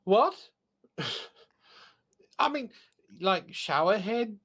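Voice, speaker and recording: Slow-talking joking man reading stories. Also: high-pitched. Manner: animated, joking, frequent restarts and asides. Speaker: podcast host. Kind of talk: casual chat, reading stories aloud.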